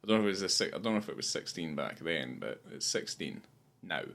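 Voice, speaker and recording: A man's voice: rumbling low, big pitch swings, fast, gravelly, fairly bright tone. A man with a Scottish accent, co-hosting a casual film podcast, loose and sweary, acting out lines from scenes. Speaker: podcast co-host.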